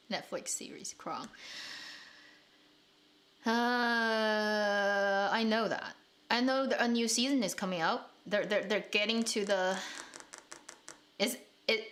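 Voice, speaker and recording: A woman's voice: medium pitch, a bit bright. A woman from China hosting a casual live stream, chatting and answering comments with frequent laughs and restarts. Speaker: drama channel host.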